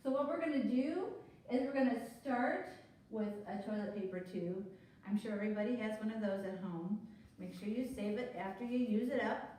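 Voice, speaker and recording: A woman's voice: on the high side, a little mellow. Chatty woman explaining a kids' craft. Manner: upbeat, chatty instructions to kids. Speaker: children's librarian leading a craft. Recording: echoey room, mic at a distance, faint noise.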